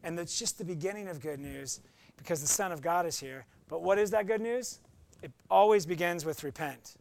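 A man's voice: high-pitched, moderate pace, vocal fry, a little mellow. A man preaching a conversational, emphatic sermon as pastor, acting out short quotes.

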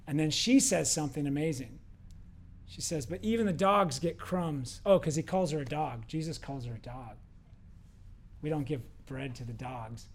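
A man, a pastor with young kids, preaching a casual, animated sermon and acting out the lines of the people in his stories. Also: mid-range voice, moderate pace, breathy edge. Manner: conversational, animated storytelling with acted quotes.

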